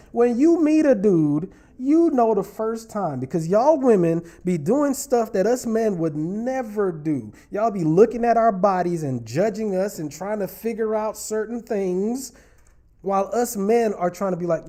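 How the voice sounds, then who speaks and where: This relationship talk show host has a high-pitched, dark-toned voice with lively intonation and a measured pace. Reading viewer comments during a casual livestream, he teases them playfully and addresses the audience directly.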